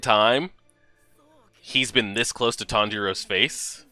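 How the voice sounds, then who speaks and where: A man hosting an anime reaction video, talking casually and excitably, swearing and talking back at the screen. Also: fairly low pitch, a little slow, long pauses, no echo, faint music behind.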